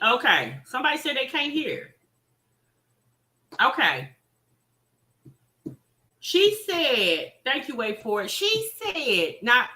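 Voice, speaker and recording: Woman streamer, lively pitch, bright tone, unhurried, echoey room. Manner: chatty, addresses viewers as y'all, teasing. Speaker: reaction channel host. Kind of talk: casual livestream commentary.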